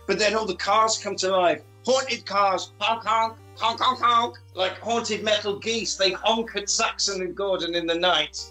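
Animated man recapping with gusto. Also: high voice, a little slow, few pauses, soft background music, low-quality recording. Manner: animated, sweary, acts out lines in funny voices. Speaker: podcast host recapping a film. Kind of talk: casual comedic film recap.

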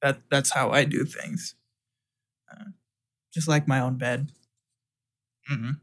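A man's voice: medium pitch, fairly even intonation, slow pace, fairly bright tone. A man co-hosting a casual podcast, chatting about gigs with hesitant, dry asides.

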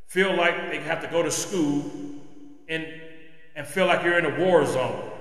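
A man's voice: a little high, pushed and bright. A man hosting his own podcast, delivering an impassioned, preachy opinion monologue. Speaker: podcast host. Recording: echoey room with long reverb.

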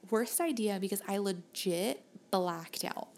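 A woman's voice: medium pitch, expressive, unhurried, darkish tone, a little hiss or hum. Young southern woman on a podcast, chatty and rambly, laughs a lot telling stories. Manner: rambling storyteller, laughs easily. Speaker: podcast co-host. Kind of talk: casual chat.

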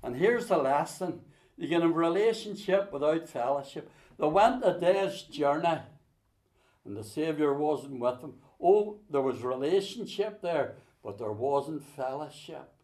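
A man preaching a sermon, booming out scripture, then dropping to a hush to tell a story. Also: expressive, measured pace. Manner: swings between loud emphatic scripture quoting and soft hushed storytelling.

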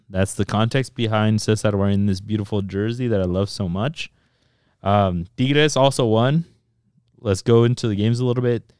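Smooth-voiced man chatting about soccer. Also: on the low side, no echo, clean studio sound. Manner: animated, swears, switches between English and Spanish. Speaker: soccer podcast co-host. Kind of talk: casual sports chat.

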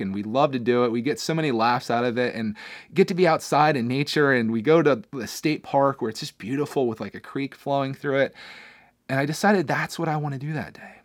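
A man's voice: mid-range voice, dry recording, clean studio sound. A man hosting his own podcast, talking through his week in a candid, rambling way with frequent restarts. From Pennsylvania, USA. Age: adult, father of a young son. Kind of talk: casual personal podcast monologue.

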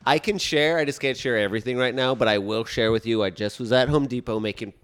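Animated man telling a comic story. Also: medium pitch, fast, clean tone. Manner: animated storyteller, acts out quotes. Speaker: podcast host. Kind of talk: casual comedic chat.

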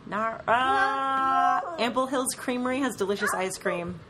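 A woman hosting a podcast in casual chat, chiming in with quick agreement and playful asides. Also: on the high side, heavy background noise. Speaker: podcast host.

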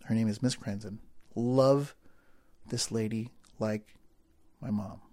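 A man telling a personal story to a crowd, acting out the people in it and swinging from quiet asides to loud bursts. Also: lowish voice, slow. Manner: animated storyteller, acts out voices of people in the story. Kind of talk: storytelling speech.

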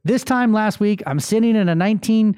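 A man with a high, warm, clean voice talks briskly as the solo host of a motivational podcast. He's blunt, profane and emotionally open, swearing plenty as he describes a bad day and his anger. The studio audio is clean, with no room sound.

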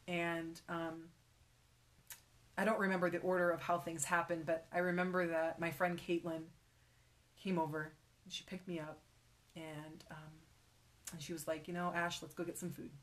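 Soft-spoken young woman telling her story. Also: on the low side. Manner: emotional, halting, many fillers, drops to a whisper. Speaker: guest sharing her faith story. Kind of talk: personal testimony in conversation.

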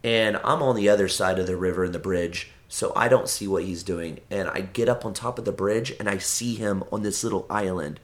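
A man's voice: low voice, brisk, hardly any pauses. A man chatting as a podcast guest, rambling and swearing, often restarting his sentences. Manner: rambling and profane, with frequent restarts. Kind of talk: casual chat.

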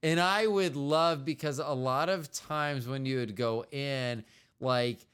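Guy cohosting a chill couples podcast, smooth clear voice, rambly and joking about himself. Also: mid-range voice, slow, a bit bright. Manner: rambling, self-deprecating and joking, with many restarts. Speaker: podcast co-host. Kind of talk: casual chat with his partner.

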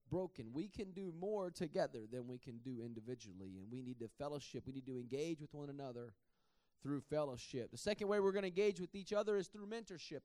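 Male preacher, high-pitched, conversational sermon with self-deprecating laughs, dry sound. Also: a little mellow, dry recording. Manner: conversational, repeats words, laughs at himself.

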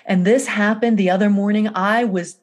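A woman coach telling an emotional personal story in a dramatic, emphatic way, repeating phrases and pausing often. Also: mid-range voice, steady tone. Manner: emphatic, repetitive, dramatic pauses. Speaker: energy coach.

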